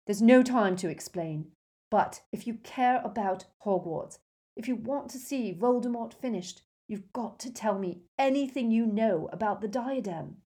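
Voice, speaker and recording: A woman voicing a desperate teenage boy wizard who talks fiercely and shouts his pleas, in an audiobook reading. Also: fairly low pitch, fairly even intonation, normal speed, hardly any pauses, lightly acted. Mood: urgent.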